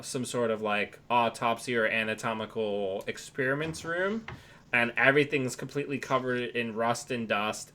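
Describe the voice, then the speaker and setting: A man's voice: medium pitch, pushed and bright. Guy running a tabletop game, lots of likes and uhs, faint hiss behind. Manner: loose, filler-heavy describing. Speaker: game master.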